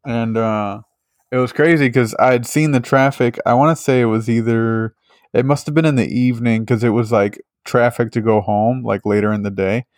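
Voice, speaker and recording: A man's voice: medium pitch, fairly even intonation, moderate pace, a little mellow, no echo, studio quality. A man hosting a podcast, chatting casually in a rambling way with many fillers and frequent swearing. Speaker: podcast host. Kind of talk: casual chat.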